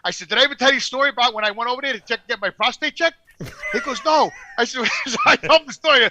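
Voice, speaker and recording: A man's voice: very high voice, racing, background noise. An older man telling long, rambling, profane stories in casual podcast chat. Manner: loud, profane, rambling anecdotes. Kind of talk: casual storytelling.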